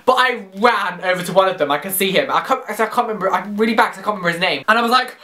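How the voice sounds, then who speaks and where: A young man vlogging, telling a story to camera in a gushing, excitable way, swearing freely and packing his speech with fillers. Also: high voice, rapid-fire, hardly any pauses. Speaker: YouTube vlogger.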